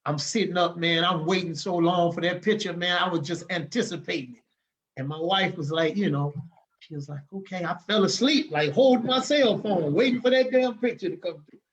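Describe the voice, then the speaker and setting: A man's voice: high-pitched, fairly quick, low-quality recording. A man speaking as a podcast guest, giving an emotional personal testimony, fired up and emphatic, often adding "man" to his sentences.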